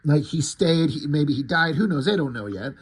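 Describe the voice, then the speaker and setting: A man's voice: fairly high pitch, animated, moderate pace, slight background noise. A man casually paging through a comic book, loosely retelling the story in a rambling way.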